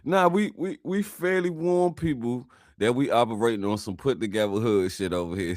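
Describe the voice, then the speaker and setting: A man's voice: medium pitch, normal speed, few pauses, a little mellow, no echo. A male comedian hosting a podcast, chatting in a laid-back, slangy way. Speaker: podcast host. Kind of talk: casual podcast chat.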